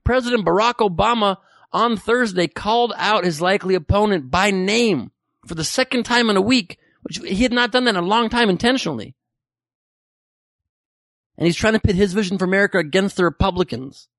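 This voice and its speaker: A man's voice: high voice, brisk, a bit bright, no room sound, studio quality. A man hosting a podcast, riffing sarcastically and profanely on news headlines. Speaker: podcast host. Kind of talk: comedic news commentary.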